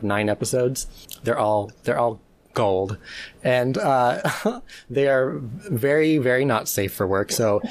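A man co-hosting a casual podcast, tipsy and rambling with lots of ums and uhs. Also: medium pitch. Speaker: podcast co-host.

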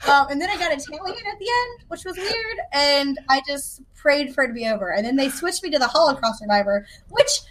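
High-voiced woman from the South. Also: animated, brisk, few pauses, a bit bright. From American South. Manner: self-deprecating, chatty storyteller. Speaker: podcast host. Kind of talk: casual chat.

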